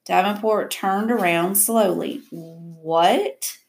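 Audiobook narrator, woman, reflective first-person reading, gravelly tone. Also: medium pitch, moderate pace.

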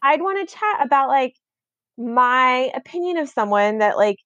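A woman's voice: sits high, sing-song, normal speed, pushed and bright, no echo, lo-fi sound. A woman in her thirties co-hosting a podcast, rambling in a casual chat with many fillers and restarts. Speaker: podcast co-host.

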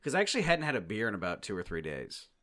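A man's voice: on the low side, wildly swooping pitch, very fast, a bit bright. A man co-hosting a casual podcast, joking and swearing freely. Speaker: podcast co-host. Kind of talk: casual chat.

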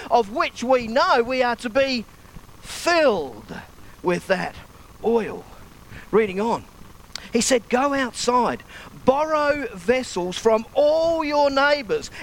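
A man's voice: very high-pitched, slight background noise, low-quality recording. A man, a pastor, preaching a sermon and reading scripture aloud with expression.

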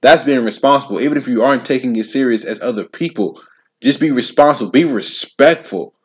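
A young man in his twenties talks alone on his own podcast in a loose, slangy way, often repeating himself as he makes his point. His voice sits at an ordinary pitch for a man, and he speaks directly to whoever is listening. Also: a little fast, slightly rough. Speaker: podcast host. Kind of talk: casual solo commentary.

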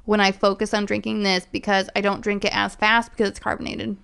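A woman co-hosting a casual chat, enthusiastic and quick to argue. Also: medium pitch, flat delivery, creaky, fairly bright tone, clean tone. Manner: argumentative, enthusiastic.

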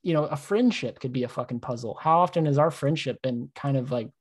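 A man co-hosting a casual podcast, telling animated stories, acting out his own thoughts and swearing often. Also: medium pitch, a little fast, slightly rough. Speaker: podcast co-host.

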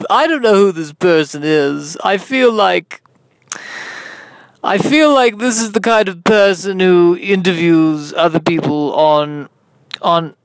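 A man voicing a pompous, fawning public-radio-style interviewer with a drawn-out, affected, gushing delivery. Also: high-pitched, fairly bright tone, dry recording, voice pushed up, full character voice, low-quality recording.

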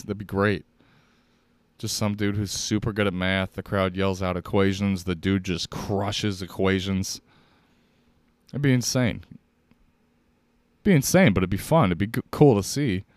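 A young man with a deep voice and a Chicago accent, hosting a solo podcast and rambling casually with lots of swearing. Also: no echo. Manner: profane, rambling, jokey. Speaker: podcast host.

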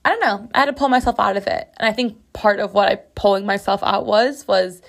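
A woman hosts a solo podcast from her bathroom floor. She chats casually and candidly, swearing freely and speaking with open, expressive emphasis. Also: mid-range voice, brisk, creaky. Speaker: podcast host.

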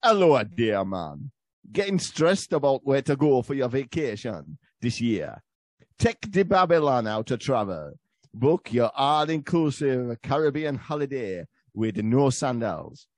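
Man doing a ad voice, slow drawl, bouncy pitch, dry recording. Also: big pitch swings, darkish tone, no echo. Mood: laid-back pitch. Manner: slow, drawling ad read in broken dialect. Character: laid-back Rastafarian man reading a resort ad.

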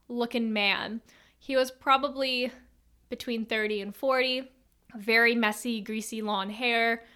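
A woman's voice: fairly high pitch, sharp tone. A young woman in her twenties casually telling a personal story, chatty and rambling, full of fillers and tangents.

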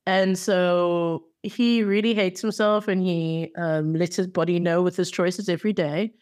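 A woman's voice: fairly low pitch, fairly even intonation, measured pace, a little mellow. A woman co-hosting a podcast, chatting casually and enthusiastically about television with playful asides. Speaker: podcast co-host. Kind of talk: casual chat.

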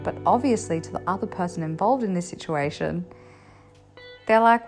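A woman's voice: on the low side, normal speed, faint music behind. Candid young woman, frank vlog talk. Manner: candid and expressive, swears freely, laughs between points. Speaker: vlogger sharing her experience. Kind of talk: casual confessional talk to camera.

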